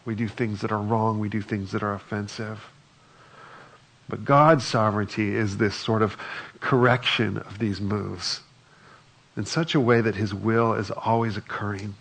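A man delivers a sermon in an easy, conversational manner, stopping to read scripture passages aloud. His voice sits low with a gravelly, fry-edged texture and a husky, slightly rough grain. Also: a bit bright. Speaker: pastor.

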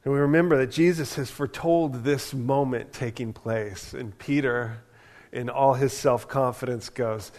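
A man, a pastor, preaching a sermon in a conversational, animated way, often asking "right?" as he talks. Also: medium pitch, normal speed.

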